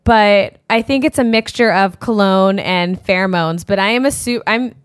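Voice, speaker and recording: A woman's voice: medium pitch, normal speed, clear, resonant tone, no room sound, clean studio sound. A woman co-hosting a podcast in casual chat, talking loosely with plenty of filler words. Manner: chatty, lots of "like" and "um". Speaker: podcast co-host.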